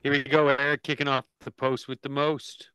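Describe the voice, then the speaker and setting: A man co-hosts a casual podcast, describing memes in an upbeat, joking way. His voice is bright and crisp, slightly high, recorded dry and close. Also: level tone, brisk, no room sound. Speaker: podcast co-host.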